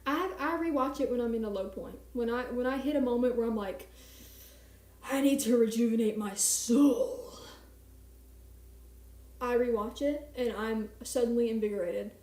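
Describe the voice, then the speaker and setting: A young woman chats through a late-night live stream in a somewhat high voice. She rambles and mocks herself. Her voice rings a little in an echoey room at home. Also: fairly quick, few pauses, darkish tone. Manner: chatty, rambling, self-mocking. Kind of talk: casual live-stream chat. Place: small home apartment at night.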